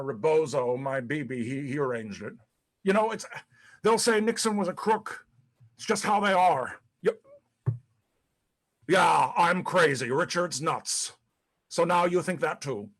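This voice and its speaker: A man playing a disgraced, paranoid ex-president in a one-man stage monologue, profane and rambling, stammering between bluster and self-pity. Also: on the high side. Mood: phone call, distraught. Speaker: actor in a one-man play. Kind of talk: live-streamed stage monologue.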